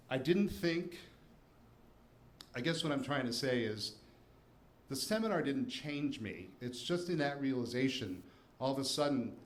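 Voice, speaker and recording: A man in his forties from the Washington, D.C. area, telling a first-person story on stage with wry, self-deprecating humor. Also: mid-range voice. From Washington, D.C. area, USA. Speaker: storyteller and attorney. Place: live show venue before an audience. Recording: roomy live venue with faint ambience.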